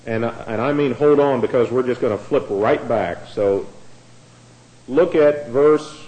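A man's voice: mid-range voice, unhurried, darkish tone. A man preaching a Bible-teaching sermon in a conversational way, often repeating words as he starts a phrase. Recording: echoey room.

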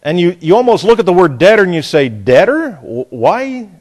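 A middle-aged man teaching a Bible passage verse by verse, deliberate and emphatic, often repeating words as he works through a thought. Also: high-pitched, lively intonation.

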